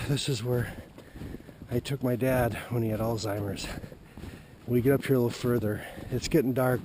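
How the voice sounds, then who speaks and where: A man telling a hunting story as he walks a forest trail at dusk, recorded on a handheld camera, halting and folksy with lots of fillers. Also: fairly low pitch, noisy background. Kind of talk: rambling walk-and-talk vlog. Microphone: handheld camera while walking.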